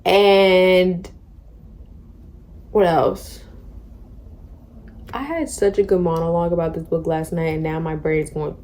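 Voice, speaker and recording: A young woman in her twenties, a book vlogger, talking through a novel in a chatty, slangy, animated way. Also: lowish voice, measured pace, pauses often, slight background noise. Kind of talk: casual book discussion.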